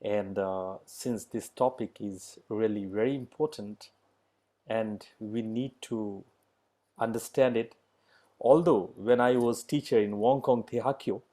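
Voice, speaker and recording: A middle-aged man opens an online yoga class in unhurried, halting English. He speaks very slowly, often stopping on fillers while searching for words. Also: fairly low pitch, mellow. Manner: slow, halting English with many fillers and laughs. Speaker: yoga teacher.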